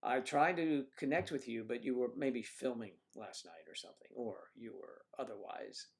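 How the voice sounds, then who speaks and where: An older man hosting a livestream, chatting casually through rambling anecdotes with frequent restarts and throat clearing. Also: medium pitch, normal speed. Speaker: livestream host. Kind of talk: casual chat reading viewer comments. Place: home livestream setup.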